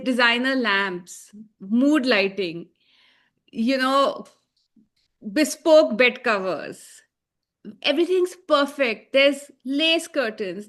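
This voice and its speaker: A woman's voice: high voice, bright, forceful tone. A woman co-hosting a casual review chat, ranting emphatically with sarcasm and plenty of swearing. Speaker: co-host.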